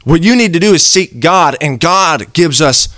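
Lively earnest man preaching. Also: on the high side, moderate pace, no echo, studio quality. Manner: earnest, conversational preaching with acted-out quotes. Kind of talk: sermon.

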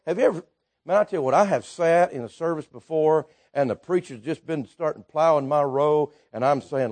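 A man preaching a sermon, telling stories with folksy asides and swinging from quiet remarks to shouts. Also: a little high, brisk.

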